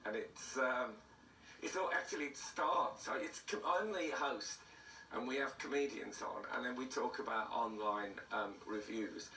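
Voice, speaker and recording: A bright, forward-toned older man, hoarse and throaty, trading dry, self-mocking anecdotes. He sits in a roomy studio, heard from a little way off, with faint ambience behind him. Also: medium pitch, unhurried, far from the mic, a little hiss or hum. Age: 60s. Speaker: comedian guest. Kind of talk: casual chat interview.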